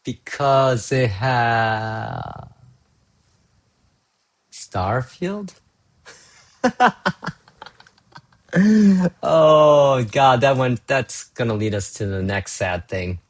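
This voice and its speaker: A man's voice: medium pitch, expressive, very slow, long pauses. A middle-aged man ranting casually and profanely on his own show, rambling from gripe to gripe. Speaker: vlogger. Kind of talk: casual solo rant.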